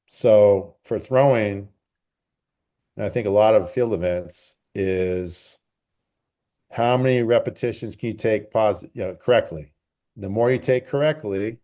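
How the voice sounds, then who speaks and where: A man who coaches track and field, answering interview questions in a relaxed, rambling way and repeating phrases for emphasis. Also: lowish voice. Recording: call recording.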